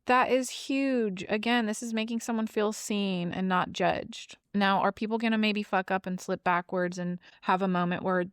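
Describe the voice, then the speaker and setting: A woman's voice: on the high side, fairly even intonation, moderate pace, hardly any pauses, smooth, no echo, clean studio sound. A woman hosting a podcast, talking casually in a blunt, emphatic way with plenty of swearing. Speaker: podcast host. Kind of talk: casual monologue.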